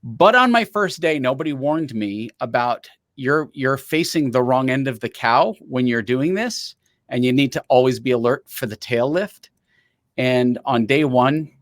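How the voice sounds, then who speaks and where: A man's voice: medium pitch, expressive. A chatty male podcast host, swapping stories with an easy laugh. His voice sits mid-range with a dry, close sound and no room echo. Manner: chatty, anecdotal, quick to laugh. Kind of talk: casual interview chat.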